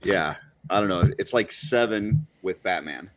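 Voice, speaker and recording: A man in a casual chat, laid-back and measured. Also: low voice, lively intonation, no room sound.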